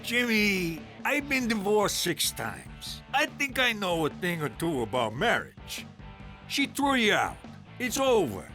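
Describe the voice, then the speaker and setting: An actor playing a crude, much-divorced uncle who talks in a wheedling way. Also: male voice, high-pitched, very animated, takes it slowly, sharp tone, soft background music, full character voice. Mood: sleazy. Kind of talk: adult cartoon voice acting.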